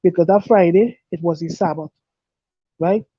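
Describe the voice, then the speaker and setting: A man giving an earnest, halting personal testimony, repeating and restarting his words. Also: high voice, dark tone, slightly rough, dry recording. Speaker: guest telling his life story. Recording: dull dry lo-fi recording.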